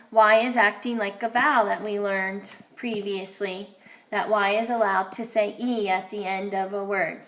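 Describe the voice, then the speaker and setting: Woman teacher sounding out phonics slowly. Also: on the high side, fairly bright tone, echoey room. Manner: slow, clear sounding-out of letters and syllables. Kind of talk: phonics lesson for young children.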